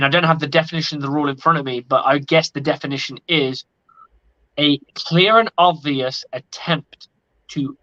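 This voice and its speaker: A man's voice: on the high side, pushed and bright. A man talking casually on a sports podcast, blunt and opinionated and swearing freely. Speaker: podcast co-host. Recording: lo-fi audio.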